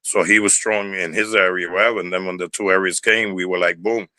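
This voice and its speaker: Older bronx puerto rican guy rambling, repeats himself, low voice but bright and forceful, dry close sound. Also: steady tone, fairly quick, no echo, poor audio. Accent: New York Puerto Rican. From Bronx, New York. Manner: rambling, repeats words, drops curse words. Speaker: interview guest, former dancer. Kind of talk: casual storytelling interview.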